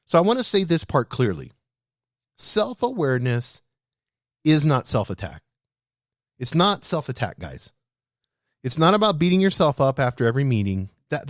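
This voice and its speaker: A man hosting a leadership show, speaking straight to his listeners in a lively, animated way. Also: a little high, dry recording, studio quality. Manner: animated, addresses listeners as "guys". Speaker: podcast host.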